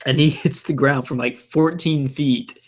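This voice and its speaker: A man's voice: medium pitch, measured pace. Laughing man sharing anecdotes. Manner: laughing, animated storyteller. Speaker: podcast co-host. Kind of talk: casual chat.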